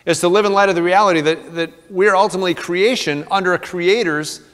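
A man's voice: high voice, fast, a bit bright, big-room sound. A man preaching a sermon as pastor, reading scripture aloud in an earnest way with playful asides. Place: church sanctuary.

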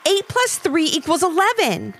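Woman voicing a high eager schoolgirl, confident, children's story, bouncy, faint music. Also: very animated, normal speed, heavily acted. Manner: bright, eager, proud.

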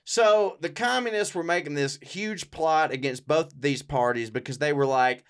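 A man's voice: fairly high pitch, moderate pace, clear, resonant tone. A man co-hosting a comedy podcast, telling a rambling, profane made-up history story and dropping into silly voices for the characters.

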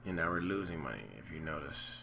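Deep-voiced man talking through his gameplay. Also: fast talker, vocal fry, muffled recording, a little hiss or hum. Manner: thinking aloud while playing, with frequent ums. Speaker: let's play host. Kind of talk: casual gameplay commentary. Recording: voice over loud game music.

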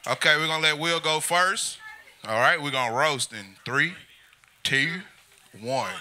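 A man's voice: fairly high pitch, unhurried, sharp tone. A man hosting a live roast show at a comedy club, loose and profane as he hypes the crowd.

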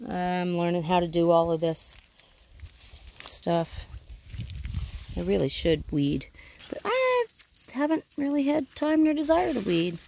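A woman with a slightly low voice chats her way through an outdoor vegetable garden, filming as she walks. She rambles and corrects herself freely in a casual vlog style. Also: animated, slow, gravelly, pauses often, darkish tone, a little hiss or hum. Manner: chatty, rambling, self-correcting. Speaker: homesteading vlogger. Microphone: handheld camera she films herself.

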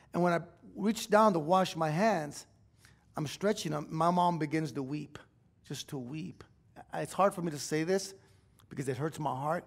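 Standing in a church sanctuary, a middle-aged pastor gives a sermon testimony, recounting a personal story with confessional emotion that sometimes rises to shouting. His voice sits on the high side, with vocal fry.

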